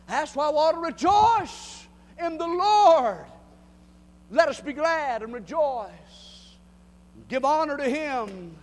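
A man preaching a fiery sermon, shouting and calling out to the congregation, then telling folksy jokes. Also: very high-pitched. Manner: shouting, call-and-response, rising to cries. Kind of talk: Pentecostal-style sermon. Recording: long reverb of a church hall.

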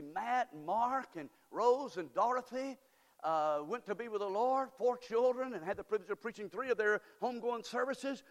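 Older male pastor, high-pitched, emphatic folksy preaching, long church-hall echo. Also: fairly bright tone. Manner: preaching with rising, emphatic delivery and folksy asides. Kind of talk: sermon. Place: church sanctuary.

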